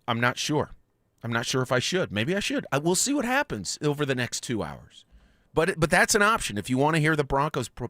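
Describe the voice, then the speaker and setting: A man hosting a sports radio show in a studio, chatting excitedly and reading out listener texts. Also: medium pitch, no room sound. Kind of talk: casual sports radio chat. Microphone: studio microphone.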